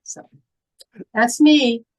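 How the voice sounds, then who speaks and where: A woman's voice: on the high side, fairly even intonation, very slow, dry recording, low-quality recording. A woman in her seventies from the Midwest with a Midwestern American accent and polished, stage-trained diction, chatting as a guest in a podcast interview. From Illinois, US Midwest. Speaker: guest, horror film actress.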